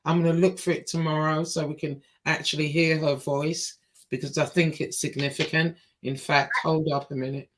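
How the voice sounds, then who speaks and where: A woman hosting a livestream, talking in a halting way with many pauses and fillers as she reads messages aloud. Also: deep voice, little pitch movement. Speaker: show host. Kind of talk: livestream interview.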